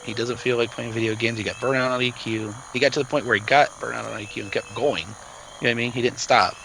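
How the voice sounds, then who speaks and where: A man's voice: mid-range voice, steady tone, quick pace, creaky, sharp tone, slight background noise, low-quality recording. A man chatting with friends over voice chat during a game, rambling loosely and swearing casually. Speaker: gaming friend.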